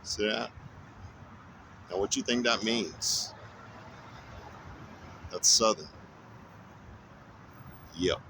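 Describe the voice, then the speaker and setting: A man vlogging at a fast-food drive-through from his car, talking in a drawn-out, mock-serious way with lots of exclamations. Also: fairly low pitch, bright, forceful tone, slight background noise. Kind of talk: casual vlog commentary. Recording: clear background music.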